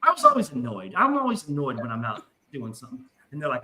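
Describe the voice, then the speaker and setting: A man's voice: mid-range voice, quick pace, echoey room, crowd noise, poor audio. A man casually telling a wild story, swearing often and acting out the voices of the people in it. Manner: animated, profane, acts out voices in his story. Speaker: podcast guest.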